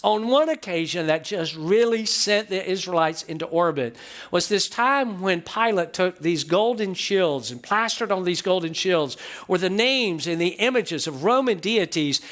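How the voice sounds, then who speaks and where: A high-pitched man delivers a church sermon in a storytelling way. He reads a passage aloud, then turns to the congregation and keeps asking whether they are following along. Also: a bit bright. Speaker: pastor. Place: church sanctuary.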